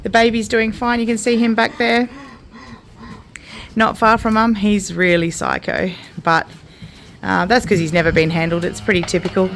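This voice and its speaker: A woman's voice: medium pitch, level tone, normal speed, fairly bright tone, soft background music. An Australian woman filming a casual farm vlog in an outdoor milking shed, explaining her work to viewers and cooing soothing praise to a cow. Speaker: homesteader vlogger.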